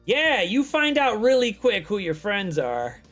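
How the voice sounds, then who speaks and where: A man's voice: high voice, huge pitch swings, a little slow, fairly bright tone, soft background music. Profane man spinning a rambling story. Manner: profane, rambling storytelling full of acted-out quotes. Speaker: guest telling a personal story. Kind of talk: casual chat.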